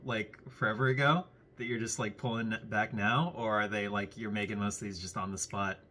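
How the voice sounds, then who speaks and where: Curious man asking quick questions. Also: on the low side, fairly even intonation, sharp tone, a little hiss or hum. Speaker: interviewer, host. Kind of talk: casual interview chat.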